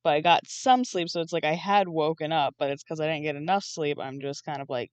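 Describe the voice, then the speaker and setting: Sleepy young woman streamer rambling and cursing a bit, kinda low voice, dry no-echo room. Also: fairly quick, few pauses. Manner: rambling, chatty, swears casually. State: groggy, just woke up. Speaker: streamer and artist. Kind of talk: casual live-stream chat.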